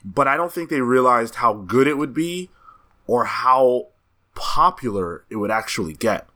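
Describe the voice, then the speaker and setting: Guy cohosting a comics podcast, lively up and down voice, mid pitch, leads the chat. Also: measured pace. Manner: animated, sets up topics. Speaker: podcast co-host. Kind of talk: casual chat.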